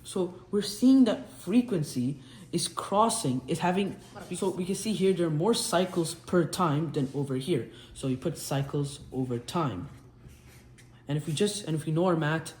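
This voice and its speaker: Here a young man tutors physics informally at the whiteboard, drawing while he explains and frequently starting over. His voice is a little high and expressive, measured in pace, with a darkish tone. The room is spacious and there's faint background noise.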